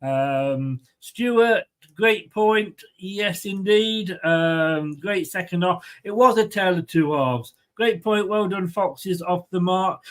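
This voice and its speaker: A man's voice: high-pitched, fairly bright tone. A man with a light, rambling, chatty manner, hosting a live football watchalong and reading out viewer comments. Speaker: host of a fan watchalong.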